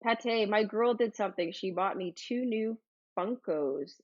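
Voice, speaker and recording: A bubbly woman hosting a casual livestream, reading viewer comments aloud with frequent exclamations and fillers. Her voice sits at a middling pitch. The audio is a little dull and lo-fi. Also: measured pace. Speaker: livestream host.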